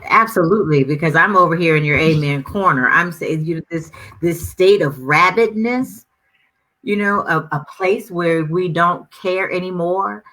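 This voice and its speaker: A woman's voice: lowish voice, moderate pace, fairly bright tone, rough recording. A middle-aged woman speaking as a guest, fervent and preacher-like, with lots of repetition. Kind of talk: conversational discussion.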